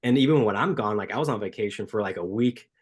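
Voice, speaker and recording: A man from Southern California talks in a casual, rambling way, leaning on "like" as he acts out the people he meets. His voice sits a little low. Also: fast talker, slightly rough. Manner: animated storyteller, heavy use of "like", acts out greetings. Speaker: podcast guest, running coach. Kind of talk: casual chat.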